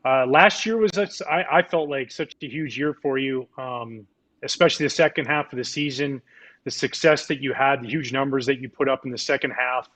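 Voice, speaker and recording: A man's voice: mid-range voice, normal speed, fairly bright tone. A man hosting a casual interview, asking long, eager questions about baseball. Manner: enthusiastic, long wandering questions. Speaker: interviewer, host.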